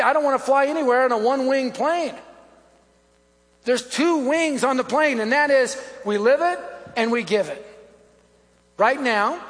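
A man's voice: very high-pitched, a bit bright. A man preaching a sermon, telling stories and urging his listeners with punchy lists. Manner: storytelling, exhorting, punchy lists. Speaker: pastor. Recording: echoey hall.

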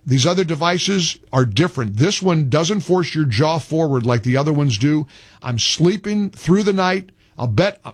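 A man's voice: a little high, no echo, studio quality. A man reading a sponsor ad on his radio show, enthusiastic with stumbling restarts. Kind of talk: host-read ad.

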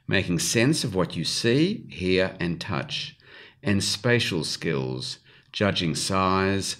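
A man with a very deep voice reads a magazine article aloud for a radio program. His delivery is steady and informative. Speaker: radio reader.

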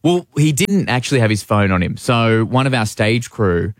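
A man's voice: mid-range voice, big pitch swings, normal speed, no room sound, studio quality. A young man, telling a story as a guest in a casual radio chat. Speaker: guest, play director.

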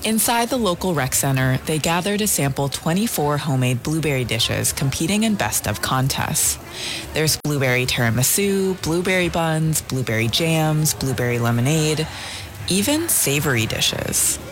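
A woman reporter narrating a scripted radio feature in a lively, storytelling way. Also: sits low, moderate pace, a little hiss or hum.

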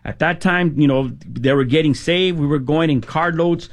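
A middle-aged man telling his personal testimony, casual and halting, often repeating words and saying "man". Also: on the high side. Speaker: guest sharing testimony.

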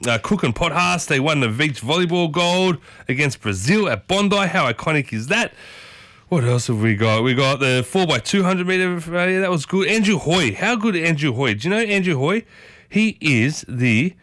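An Australian radio host with a slightly high, fairly bright voice runs a casual morning show from a studio, chatty and enthusiastic. He keeps returning to his catchphrases, especially "I tell you what," and the recording is dry.

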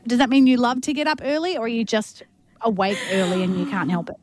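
A woman's voice: a little high, expressive, fast talker, no echo. Upbeat chatty woman hosting a podcast. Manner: upbeat, chatty, laughs often. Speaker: podcast host. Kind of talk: casual interview chat.

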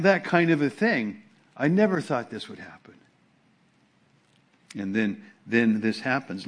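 Middle-aged male pastor, mid-pitched voice, preaching in a loose conversational way with repeated emphatic phrases. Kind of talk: sermon.

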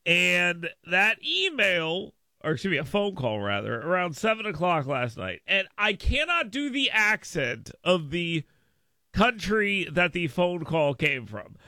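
Male talk-radio host, higher, bright tone, dry studio mic, animated emphatic delivery. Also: a little slow, no echo. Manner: animated storytelling, jumps up in pitch and volume for emphasis. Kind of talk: casual talk radio monologue. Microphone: studio microphone.

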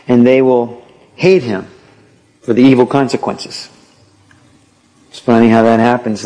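Husky-voiced man preaching conversationally. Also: medium pitch, a little mellow. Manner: conversational preaching with acted-out quotes. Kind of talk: sermon.

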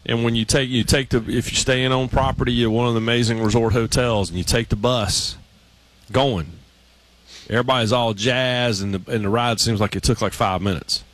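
A man's voice: medium pitch, fairly even intonation, normal speed, a bit bright, dry recording. A man co-hosting a radio show, chatting casually and telling stories with many restarts. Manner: rambling, storytelling with many restarts.

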